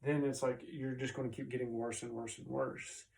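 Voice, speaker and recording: A man's voice: mid-range voice, level tone, normal speed, gravelly, darkish tone, recorded from a distance, rough recording. A man, a chiropractor, explaining health ideas in a casual, conversational way, often checking in with "right?" and pointing to a chart as he goes.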